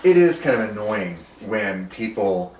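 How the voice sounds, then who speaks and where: A man's voice: lowish voice, big pitch swings, unhurried, darkish tone, slight background noise. Chatty, laughing man in an echoey room. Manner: laughs through his stories and drops into silly quoted voices. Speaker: co-host. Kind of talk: casual comedy chat. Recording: roomy echo, mic at a distance.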